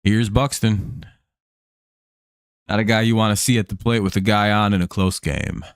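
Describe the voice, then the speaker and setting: A man hosting a live baseball watch-along, talking through the game in a chatty, joking way and swearing freely. His voice is low, smooth and resonant. It is recorded close and dry, with no room sound. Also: fairly even intonation, moderate pace, no echo. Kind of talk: casual live-stream game commentary.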